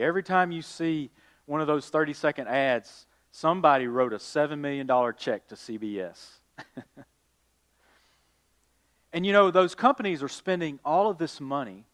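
A man preaching a sermon, rising to emphatic calls and then dropping quiet. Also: on the high side. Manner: addresses listeners as y'all. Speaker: pastor.

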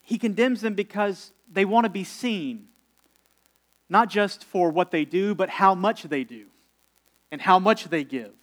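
A man with a fairly high voice preaching a sermon. He talks to the congregation in a relaxed, conversational way, with ums and slow, deliberate pauses on key words. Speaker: pastor.

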